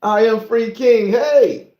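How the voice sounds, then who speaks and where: A man's voice: extremely high pitch, slow pace, roomy sound, muffled recording. A man from southern Florida with a Southern American accent, hosting a casual livestream and chatting loosely with viewers, stumbling when he reads aloud. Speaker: livestream host.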